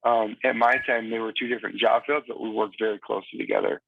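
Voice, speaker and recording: Gravelly man on a tinny phone line. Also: on the low side, little pitch movement, fast talker, dry recording. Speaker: guest, Marine veteran. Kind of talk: phone-in interview. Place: cabin in Virginia.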